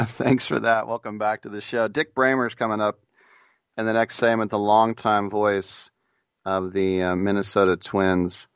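A man's voice: fairly low pitch, little pitch movement, unhurried, smooth, no room sound, dull audio. A man hosting a sports talk radio show, chatting in a rambling, jokey way. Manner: rambling, jokey, does impressions of announcers.

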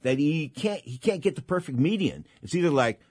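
Excitable male boxing radio host. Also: on the high side, brisk, husky, no echo, studio quality. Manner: excitable, rambling, repeats himself. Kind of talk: boxing talk radio commentary.

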